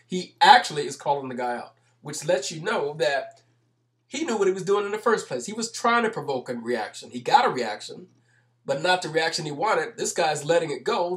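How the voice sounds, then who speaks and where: A man's voice: fairly high pitch, very animated, moderate pace, a bit bright. Emphatic man commenting on clips. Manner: emphatic, explanatory, repeats points. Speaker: video commentator. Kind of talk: commentary over video clips.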